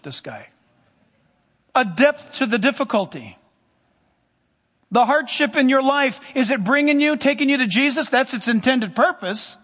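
A male pastor preaching a sermon, telling stories with emphatic swings between loud and hushed delivery. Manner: emphatic storytelling, pitch swings high and low. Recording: long hall reverb.

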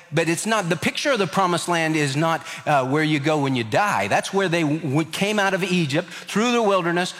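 Male pastor, slightly high voice, expressive sermon delivery, long hall reverb. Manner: animated, acts out scripture voices with rising pitch.

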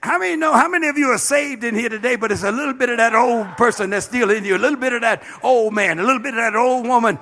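A man's voice: very high voice, fast talker, hardly any pauses, bright, forceful tone. A man, a bishop, preaching a sermon with passion, dropping frequent amens and calling out to the congregation. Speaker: bishop and pastor.

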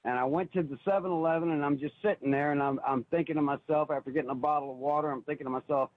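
Calling in to a radio program, a man shares an emotional personal story very fast and in earnest, repeating himself often, heard over the phone. His voice is on the high side with a steady tone, and there's no room sound.

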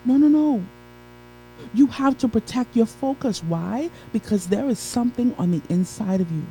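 Pausing now and then to greet viewers by name, a woman preaches motivation on a live stream, emphatic and circling back to her key phrases. Her voice is a little high yet rich, very dark and mellow, with lively intonation at normal speed. Soft background music plays under a low-quality recording.

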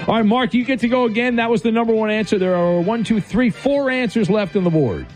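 A man's voice: high voice, fast talker, soft background music. A man hosting a radio call-in game show in a casual, rambling way, with many fillers and restarts.

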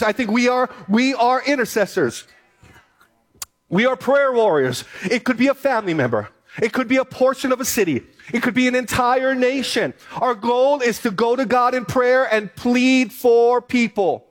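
A pastor preaching to his church, reading scripture aloud slowly and then building to an emphatic appeal. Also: high voice. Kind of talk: sermon.

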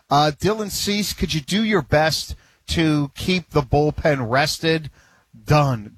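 A chatty male sports co-host who jokes around with his partner. His voice sits a little high and has a husky edge. The sound is dry and close. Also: fairly bright tone, no room sound. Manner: chatty, joking, with laughs. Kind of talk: casual sports talk.

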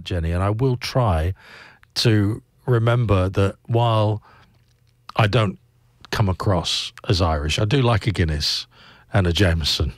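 A man's voice: on the low side, no room sound, studio quality. Rambling English man on breakfast radio. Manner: rambling, halting, self-deprecating with frequent ums and restarts. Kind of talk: casual on-air monologue. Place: radio studio. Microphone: studio microphone.

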